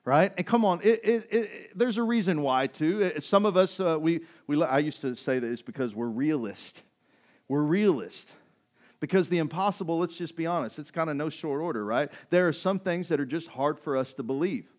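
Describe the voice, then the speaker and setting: Male pastor, slightly high-pitched, fervent sermon delivery with rhetorical questions. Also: animated, moderate pace. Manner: builds from hushed intensity to loud, high-pitched fervor, with rhetorical "right?"; acts out quoted voices of doubters.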